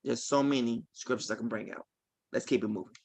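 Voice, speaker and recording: A man in his forties preaching on a livestream, swinging between quiet asides and loud emphatic declarations with a repetitive, insistent cadence. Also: medium pitch, fairly even intonation, a little fast, gravelly, breathy edge. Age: 40s.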